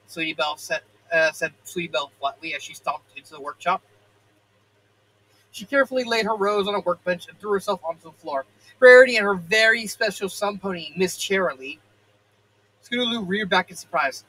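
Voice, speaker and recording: A man's voice: sits high, lively intonation, fairly quick, bright, forceful tone, husky, rough recording. A man in his thirties reading fan fiction aloud, often stumbling, correcting himself and breaking into joking asides. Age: 30s.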